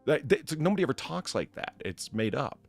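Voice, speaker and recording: A man hosting a casual live stream, chatting with guests and thanking viewers in a rambling, animated way. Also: mid-range voice, quick pace, creaky, faint music behind. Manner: rambling, animated, many restarts. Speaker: streamer host playing bartender.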